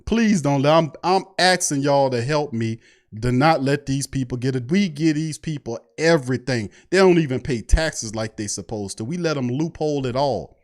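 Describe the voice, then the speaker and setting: A man's voice: medium pitch, expressive, normal speed. A man hosting a sports show, delivering a heated, profane fan rant full of mocking asides. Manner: fired-up, preachy, profane, mocking imitations. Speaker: sports podcast host.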